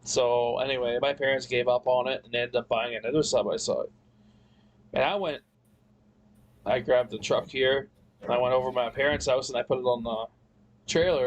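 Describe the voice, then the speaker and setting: A man's voice: medium pitch, slight background noise, rough recording. A man telling a long story in a casual chat, rambling and cursing, often restarting his sentences. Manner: rambling, profane, frequent restarts. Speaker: podcast guest.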